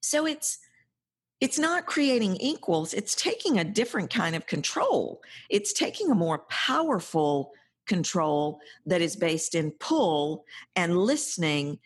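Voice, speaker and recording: Middle-aged female podcast host with a low, breathy voice; earnest and emphatic advice-giver. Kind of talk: advice monologue.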